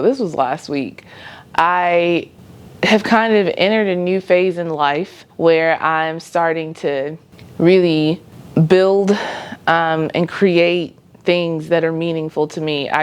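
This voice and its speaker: A woman's voice: fairly low pitch, smooth. A young adult woman sharing a faith-based personal vlog, talking in an earnest, reflective way with light laughs between thoughts. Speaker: vlogger.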